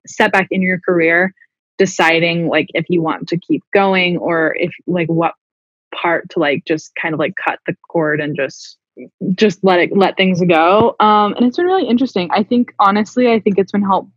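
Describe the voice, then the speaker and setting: A woman's voice: lowish voice, normal speed, no room sound. Rambling woman podcast co-host, lo-fi. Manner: rambling, many fillers and restarts. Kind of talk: casual chat. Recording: dull lo-fi dry recording.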